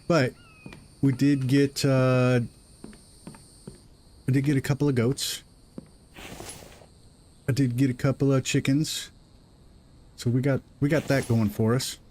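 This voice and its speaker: A man's voice: mid-range voice, little pitch movement, slow, pauses often, darkish tone, slight background noise. A middle-aged man hosting a live gaming stream, rambling and self-deprecating as he talks through his progress into a desk microphone at home. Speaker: gaming livestream host. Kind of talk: live gameplay commentary.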